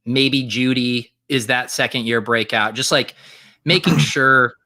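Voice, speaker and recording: A man's voice: mid-range voice, fairly even intonation, a little slow, pushed and bright. A man co-hosting a casual fantasy football live stream, joking and teasing his partner as they talk through the picks.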